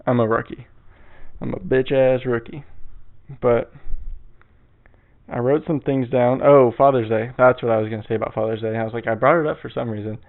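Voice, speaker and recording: A young man hosting a solo podcast, rambling casually, swearing often and laughing at himself. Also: mid-range voice. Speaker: podcast host. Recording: tinny phone-like sound.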